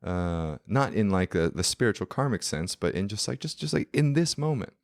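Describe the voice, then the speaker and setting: Man with a very low voice, podcast guest, animated casual storyteller. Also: moderate pace. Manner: animated, many fillers like "like".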